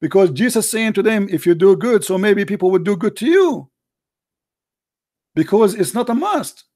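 Combative high-voiced man arguing on a livestream. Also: expressive, normal speed, a little mellow, no room sound, clean studio sound. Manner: combative, interrupting, repeats phrases insistently. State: losing his voice. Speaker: livestream debate host. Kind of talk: heated live call-in debate.

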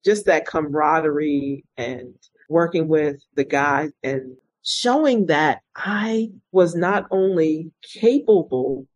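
A retired state police officer, middle-aged, talks through her life story in a conversational interview, earnest and thoughtful yet lively when relaying others' words. Her pitch is fairly low, and the audio is poor though free of echo.

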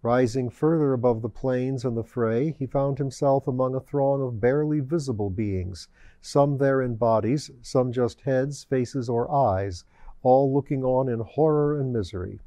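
A man narrating a story in a measured, even reading voice on a close microphone. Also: medium pitch, no room sound.

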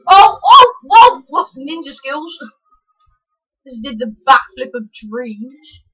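A woman giving excitable live commentary over her own gameplay, yelling at the screen with quick self-mocking asides. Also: high voice, breathy edge, rough recording. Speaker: gaming channel host.

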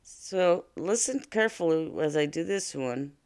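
A woman's voice: on the low side, animated, measured pace, few pauses, darkish tone, clear, resonant tone. A woman teaching a reading lesson to young children, patiently explaining ideas with simple examples.

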